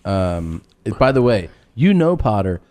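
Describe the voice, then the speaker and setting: Animated man hosting a podcast. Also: fairly low pitch, measured pace. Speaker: podcast host. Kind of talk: casual chat.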